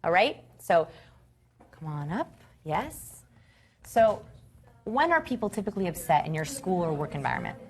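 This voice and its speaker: A woman's voice: lowish voice, very animated, moderate pace, long pauses. A woman presenter teaching a live seminar from a stage, instructive and repeating key phrases. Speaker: workshop presenter. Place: stage before an audience.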